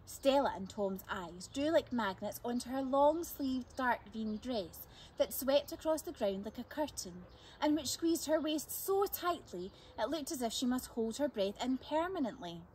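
Expressive woman reading a children's book. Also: high-pitched, unhurried, a little hiss or hum. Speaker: storyteller. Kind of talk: children's book read-aloud.

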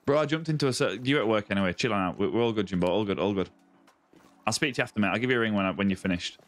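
A man's voice: on the low side, rapid-fire. A man with a Lancashire accent live-streaming a game, bantering and greeting viewers by name. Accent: Lancashire English. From northwest England, Lancashire near Yorkshire.

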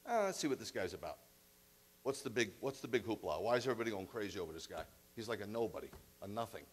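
A man's voice: on the low side, very animated, fast. A man voicing a scornful Roman governor, brash and flippant, in a sermon retelling. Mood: dismissive.

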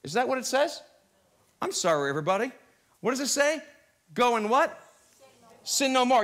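A man preaching a sermon in a church, animated and conversational, with quick asides and frequent restarts. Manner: animated preaching, often rising in pitch and volume. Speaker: pastor. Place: church sanctuary, live broadcast.

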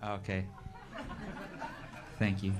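A man preaching as a guest speaker, gentle and soft-spoken, leading the room in worship. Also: low-pitched, completely flat delivery, very slow, crowd noise. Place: church sanctuary.

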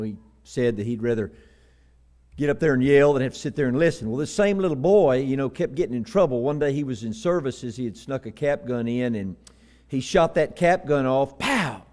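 A middle-aged Texan preacher with a warm, mid-range voice speaks fairly quickly. He spins folksy joke stories, then builds up to reading scripture with strong emphasis.

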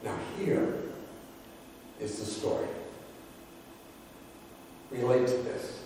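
A male pastor preaching a sermon, telling a story with emphasis and dramatic pauses. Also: mid-range voice, very animated, dark tone, slight background noise. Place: large church sanctuary. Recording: echoey hall from far off.

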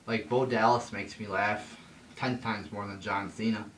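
A man's voice: on the low side, steady tone, normal speed, fairly bright tone. A young man ranting casually, swearing often and rambling with lots of fillers and restarts, getting heated as he talks. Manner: gets heated, voice jumps up when mocking. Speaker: vlogger ranting. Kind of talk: casual rant monologue. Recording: echoey room, somewhat far from the mic, faint background noise.

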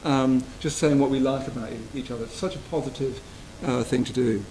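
A man giving a gentle, reflective Buddhist retreat talk, often checking in with his listeners. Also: mid-range voice, steady tone, a little fast, a little hiss or hum, low-quality recording. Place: retreat hall.

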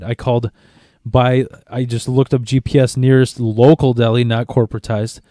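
Young guy podcasting, rambly and sweary, mellow voice, dry mic. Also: medium pitch, little pitch movement, dry recording. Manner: rambling, profane, halting restarts. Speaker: podcast co-host. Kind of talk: casual chat.

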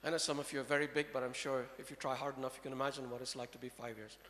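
A man preaching a sermon to a congregation, animated and full of rhetorical questions. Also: mid-range voice, rapid-fire. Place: church. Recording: echoey church hall.

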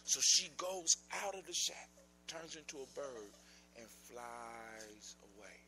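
A man telling a folk tale live to children in a lively, animated way, with sound effects and shouted outbursts. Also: mid-range voice, takes it slowly, a little hiss or hum, low-quality recording. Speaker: storyteller. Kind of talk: live oral storytelling to children.

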